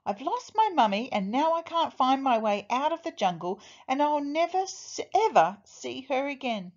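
A woman's voice: on the high side, wildly swooping pitch, unhurried, dull audio, pitched above the performer's own voice, heavily acted. Woman voicing a lost little boy elephant. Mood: pleading. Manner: pleading, anxious.

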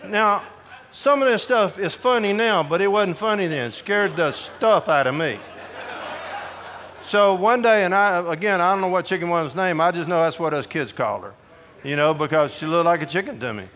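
Bright-voiced preacher telling stories. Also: male voice, high-pitched, moderate pace, slight background noise. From Georgia, US. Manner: folksy, animated, acts out voices in his stories. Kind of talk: humorous storytelling sermon. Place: prison hall, with an audience.

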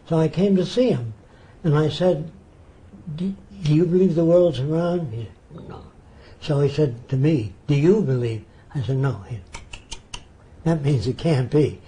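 Older man telling stories in a mellow voice. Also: a little high. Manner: animated storyteller acting out quoted voices. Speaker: interviewee, futurist. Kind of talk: anecdotal storytelling.

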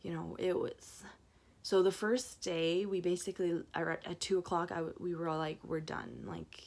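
A woman's voice: on the low side, steady tone, moderate pace, darkish tone. A woman knitting vlogger in a casual, rambling recap full of fillers and restarts.

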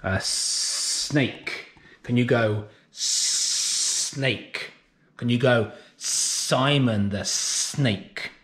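The man's phonics lesson for young kids has him voicing letter sounds slowly, clearly and at length. As a nursery teacher, he keeps his pitch lively and sing-song, recording from a classroom or home so children can learn remotely.

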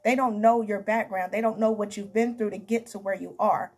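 A woman's voice: mid-range voice, fairly even intonation, brisk, a little mellow, slightly rough. A woman giving a casual tarot reading to camera, chatty and emphatic, calling her viewers honey and baby. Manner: emphatic, repeats herself. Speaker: tarot reader.

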